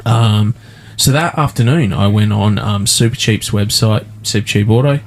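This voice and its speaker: A man's voice: on the low side, normal speed, a little hiss or hum. A man with an Australian accent, hosting a podcast and telling a sweary, ranting story in casual chat. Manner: sweary, ranting anecdote with put-on quotes. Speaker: podcast host. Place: podcast studio.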